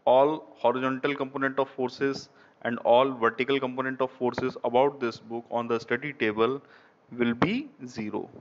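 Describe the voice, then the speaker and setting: An Indian English-accented man delivers an online engineering lecture in a medium, slightly bright voice, halting and repeating phrases and frequently saying "okay." The recording is dull and lo-fi.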